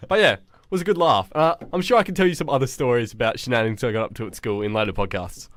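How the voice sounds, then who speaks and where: A man's voice: mid-range voice, very fast, no echo, clean studio sound. A young man co-hosting a podcast, telling school stories in casual chat and acting out the people he quotes. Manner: animated storyteller acting out quotes. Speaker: podcast co-host.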